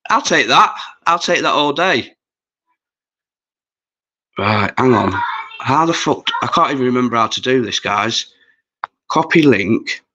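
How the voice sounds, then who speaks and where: A man's voice: medium pitch, expressive, a little slow, pauses often, bright, forceful tone, dull audio, a little hiss or hum. A man, chatting casually and swearing freely while hosting a livestream. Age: 40s. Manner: rambling, sweary, chatty with viewers. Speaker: livestream host.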